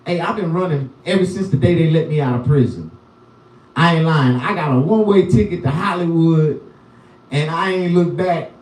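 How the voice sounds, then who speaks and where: A man's voice: fairly high pitch, normal speed, darkish tone, distant mic. A man doing loose, rambling stand-up on a live stream, with a profane and repetitive manner. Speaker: comedian. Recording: roomy sound, voice from the mic.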